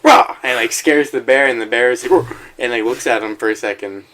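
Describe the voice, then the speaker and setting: A man's voice: medium pitch, a little fast, a bit bright, slight background noise, rough recording. A man co-hosting a podcast, telling crude stories in casual chat. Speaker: podcast co-host.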